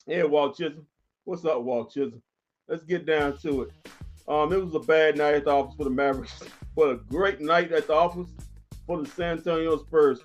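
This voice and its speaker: An animated man talks through a basketball post-game recap in a casual, rambling way, repeating himself and laughing often. His voice sits a bit high for a man. Faint music plays underneath. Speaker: post-game show host. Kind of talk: casual sports chat.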